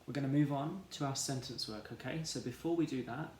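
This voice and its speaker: A man teaching a children's phonics lesson, slowly sounding out letters and syllables in an encouraging way. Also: medium pitch, darkish tone. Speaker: primary school teacher. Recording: echoey room, faint background noise.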